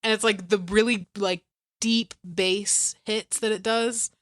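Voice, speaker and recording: A woman's voice: medium pitch, steady tone, slow pace, dry recording, clean studio sound. A woman co-hosting a podcast, chatting casually and filling her stories with "like" and "right?". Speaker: podcast co-host. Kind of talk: casual chat.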